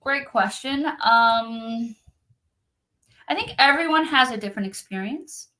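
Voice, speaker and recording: A woman's voice: fairly high pitch, animated, measured pace, sharp tone. Earnest woman talking on a call. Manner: earnest, heartfelt. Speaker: spiritual activation practitioner. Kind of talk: casual conversation.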